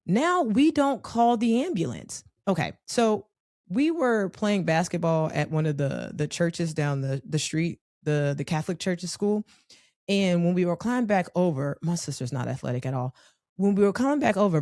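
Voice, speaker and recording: A woman telling a personal story in a conversational, animated way, with frequent profanity. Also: on the low side, no room sound, clean studio sound.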